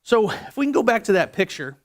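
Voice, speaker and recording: A man's voice: sits high, very animated, a little fast. A male pastor delivering a sermon in a conversational, jokey way, often restarting his sentences.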